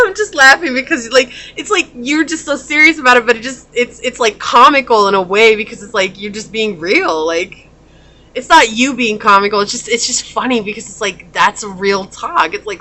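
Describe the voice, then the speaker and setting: Casual tarot reader, woman, bright tone, lively and laughing, slips into quoted voices. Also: a little high, normal speed. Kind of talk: casual pick-a-card tarot reading.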